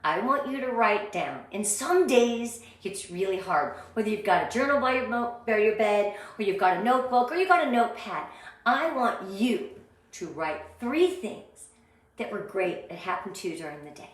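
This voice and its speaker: A woman's voice: mid-range voice, big pitch swings, moderate pace, distant mic. A middle-aged woman giving a heartfelt, chatty motivational training talk to her sales team, laughing often. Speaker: direct sales team leader. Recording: very echoey room, away from the mic.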